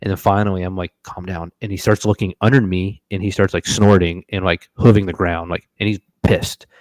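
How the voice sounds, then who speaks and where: Deep-voiced man telling a story. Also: brisk, no echo, rough recording. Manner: animated, profane, acts out his own reactions. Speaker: podcast host telling a hunting story. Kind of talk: casual storytelling on a live stream.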